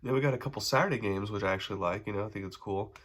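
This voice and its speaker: Solo podcast host, young man, stuffy nasal voice from a cold, lowish pitch, loose casual delivery. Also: very fast, a bit bright. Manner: casual, with frequent ums and restarts. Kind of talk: solo sports predictions podcast.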